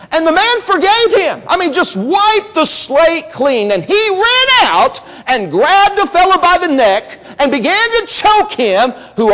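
A male preacher delivers a church sermon in a strikingly high voice. His pitch leaps and swoops as he presses his points. He repeats words as he builds to exclamations. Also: fairly bright tone, low-quality recording. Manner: emphatic preaching with repetitions and rising exclamations. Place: church service.

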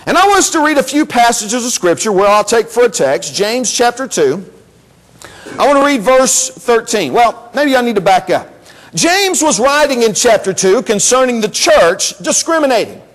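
A male preacher delivers a church sermon in a strikingly high voice. His pitch leaps and swoops as he presses his points. He repeats words as he builds to exclamations. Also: big pitch swings, normal speed, a bit bright, rough recording. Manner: emphatic preaching with repetitions and rising exclamations. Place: church service.

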